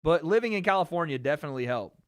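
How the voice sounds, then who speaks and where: A man's voice: fairly high pitch, expressive, rapid-fire. A man hosting a casual livestream, talking animatedly and boastfully, swearing freely, with a light Southern American accent. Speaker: streamer host.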